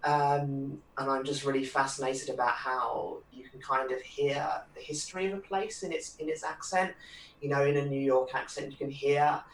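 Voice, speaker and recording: A man's voice: medium pitch, fairly even intonation, moderate pace, fairly bright tone. A man in a casual discussion, talking in a rambling way with many fillers and plenty of enthusiasm. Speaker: panelist. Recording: roomy sound from a distant mic, faint noise.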